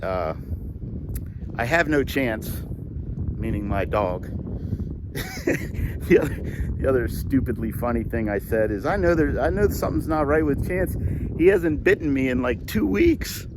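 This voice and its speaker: Soft-spoken older man, halting and heartfelt. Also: lowish voice, a little hiss or hum. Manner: halting and heartfelt, with many pauses and fillers. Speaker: comedian vlogger. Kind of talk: reflective personal talk to camera.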